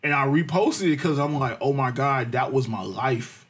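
A man telling a profane, animated story in casual chat, acting out the people he quotes. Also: mid-range voice, moderate pace, husky.

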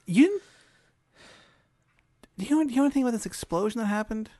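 A man's voice: extremely high pitch, animated, quick pace, dark tone, dry recording, pitched above the performer's own voice. Awkward, mumbly older prince, hesitant and shy, dry sound, played by a man. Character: awkward, timid older male vegetable prince.

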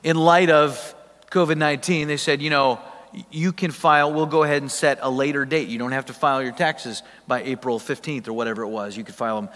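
A man's voice: medium pitch, steady tone, a little fast, fairly bright tone. Man preaching in an echoing hall. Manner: conversational preaching, emphatic, asks the congregation questions. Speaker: pastor. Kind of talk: sermon. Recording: long hall reverb.

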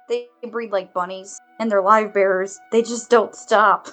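A woman's voice: mid-range voice, steady tone, unhurried, fairly bright tone, soft background music. A woman playing in a tabletop game, casual and giggly. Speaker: player. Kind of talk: tabletop role-play chat.

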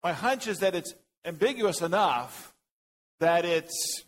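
Joking higher-voiced male Bible teacher. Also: big pitch swings, unhurried, poor audio. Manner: joking, thinks aloud, calls on class members. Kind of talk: casual teaching to a class.

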